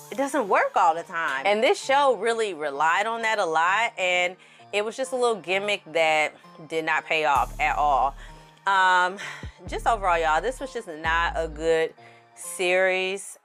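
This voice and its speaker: A woman's voice: fairly low pitch, expressive, measured pace, fairly bright tone, faint music behind. Blunt, rambling woman reviewer. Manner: candid, blunt, rambling with laughs. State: slightly tipsy. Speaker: film reviewer. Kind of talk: casual to-camera review.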